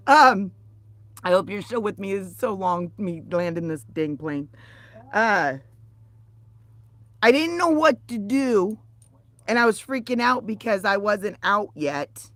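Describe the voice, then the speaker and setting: A woman telling a story on a casual livestream, animated and profane, swinging from loud outbursts to quiet asides. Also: medium pitch, slow pace, long pauses, dry recording.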